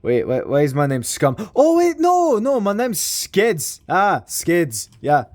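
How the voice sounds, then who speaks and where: Man putting on a dazed, bumbling robot guy, clumsy fake Scottish lilt, drawn out and slow. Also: sits high, wildly swooping pitch, darkish tone, full character voice. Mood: bewildered. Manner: clumsy mock Scottish accent. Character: confused male robot waking up, bumbling.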